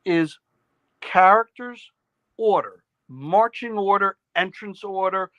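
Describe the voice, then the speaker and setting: A man who runs tabletop games explains his approach earnestly, ticking through his points one by one. His voice is high and bright, with a crisp edge. It is recorded dry, with no room sound around it. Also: slow, dry recording, muffled recording. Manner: earnest, list-making explanations. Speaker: podcast co-host and game master. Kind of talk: casual gaming chat.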